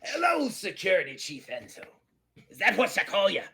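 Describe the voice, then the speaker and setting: A man doing a loud high pirate rogue. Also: huge pitch swings, normal speed, creaky, heavily acted. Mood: boisterous. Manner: pirate talk, rolling "arr" and "wee lass". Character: brash nosy male pirate space rogue.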